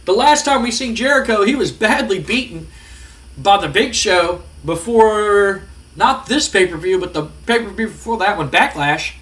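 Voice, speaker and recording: A man narrating his wrestling management game, excitedly acting out the wrestlers' lines and reacting to results. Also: high-pitched, normal speed. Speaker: gaming video host. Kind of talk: narrating a wrestling sim playthrough.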